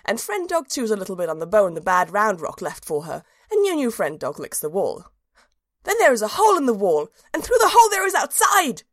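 A woman's voice: mid-range voice, a little fast, dry recording, clean studio sound. A woman as an earnest, cheerful little dog narrating. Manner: earnest childlike storytelling, animated. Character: cheerful simple-minded small dog narrator. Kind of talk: storybook narration.

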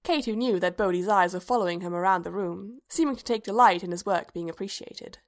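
A woman narrates a story aloud in a measured, even-paced reading. Her voice sits at a typical middle pitch for a woman. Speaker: reader.

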